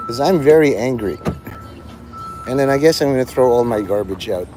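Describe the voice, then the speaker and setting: A man's voice: medium pitch, expressive, normal speed, pauses often, over music, poor audio. Man rambling on a live stream outdoors. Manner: meandering, offhand, provocative banter with viewers. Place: outdoors outside a convenience store.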